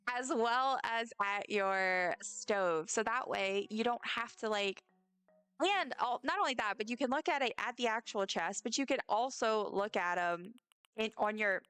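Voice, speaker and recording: A chatty woman streamer talks her way through a game, giggling and apologizing to the characters. Her voice is smooth and clear, sitting a touch high, with quiet music playing underneath. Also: a little slow, no echo. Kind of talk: casual gameplay chat.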